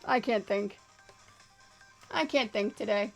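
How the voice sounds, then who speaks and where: A woman's voice: medium pitch, slow, creaky, faint music behind. A woman with a mixed American and Canadian accent, chatting casually with her stream from her home sewing studio. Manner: chatty, scattered, talks to chat and her dogs. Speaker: quilting streamer. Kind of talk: casual live-stream chat while working.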